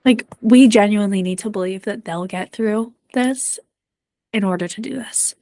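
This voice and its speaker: A woman mental performance coach giving a presentation to parents and coaches, earnest and gently encouraging with frequent ums. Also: mid-range voice, moderate pace, no echo.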